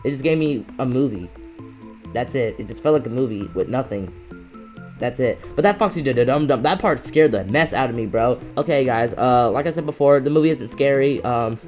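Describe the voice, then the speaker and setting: A young man giving a casual movie review on camera, excitable and rambling, often restarting his sentences. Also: mid-range voice. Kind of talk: casual reaction rant. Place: indoors, filming himself.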